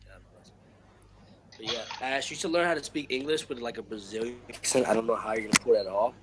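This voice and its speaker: A man from Australia chatting casually with friends, upbeat, quick and encouraging. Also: medium pitch. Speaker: friend in a group chat. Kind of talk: casual chat. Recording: distant voice, clear background noise.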